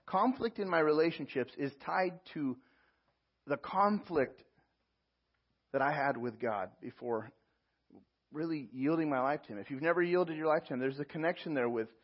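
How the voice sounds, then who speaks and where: A man's voice: on the high side, normal speed, highs cut off. A man preaching as a pastor, reading scripture aloud and explaining it verse by verse. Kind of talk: sermon.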